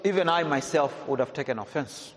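A man preaches a sermon in a high, animated voice that leaps up and down in pitch. He questions the congregation again and again and repeats lines for emphasis. The sound rings through a reverberant church hall with a long echo. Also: fairly quick.

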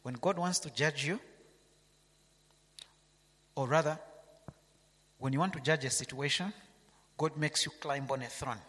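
A man's voice: fairly high pitch, fairly even intonation, a little slow, pauses often, fairly bright tone, breathy edge, long reverb tail. A man preaching a sermon, reading scripture aloud and asking his listeners rhetorical questions.

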